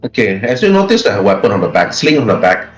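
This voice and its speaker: A man's voice: fairly low pitch, sing-song, fast, faint music behind, low-quality recording. A man running a tabletop role-playing game as game master, describing scenes casually and restarting his sentences often.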